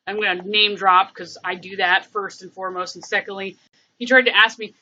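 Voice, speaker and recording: A woman's voice: mid-range voice, fairly even intonation, fairly quick, sharp tone, muffled recording. A woman hosting a casual livestream, rambling and thinking aloud with many fillers. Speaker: livestream host.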